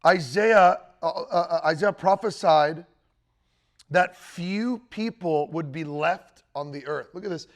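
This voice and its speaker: At a measured pace and in a slightly high voice, a man teaches end-times Bible material to a live group in a teaching room. His style is conversational, he checks in with the room, and his emphasis rises as he quotes scripture.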